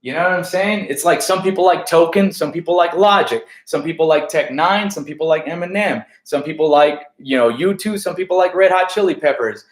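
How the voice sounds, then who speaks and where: A man's voice: fairly high pitch, brisk, few pauses, reverberant. A man from the United States, a stand-up comedian, talking in a casual, profane, rambling way with lots of restarts. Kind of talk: casual backstage interview chat.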